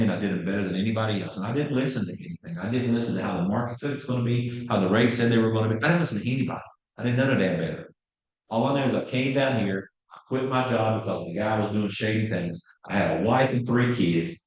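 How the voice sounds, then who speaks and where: A man in his fifties giving a passionate, blunt real estate training talk. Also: lowish voice. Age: 50s. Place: training room. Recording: very echoey room.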